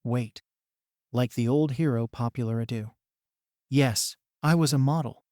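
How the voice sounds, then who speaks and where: A man's voice: medium pitch, unhurried, a little mellow, no room sound, close to an everyday voice. A man voicing a vain, bullying middle-aged mother who sneers and swears, read in a dry, close sound. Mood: sneering.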